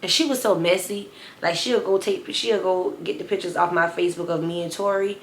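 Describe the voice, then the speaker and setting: Woman, 20s, vlogger, sassy storyteller, lowish voice, echoey room. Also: fairly quick, slight background noise. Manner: sassy, animated storytelling to viewers. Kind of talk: storytime vlog. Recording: roomy echo.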